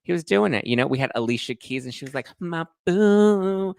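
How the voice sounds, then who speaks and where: A young adult man hosting a pop culture show, chatting casually in a gossipy, animated way and swearing now and then. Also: medium pitch, very fast, creaky, dry recording. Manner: gossipy, animated, sweary, acts out others' voices. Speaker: pop culture podcast host. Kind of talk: casual chat to camera.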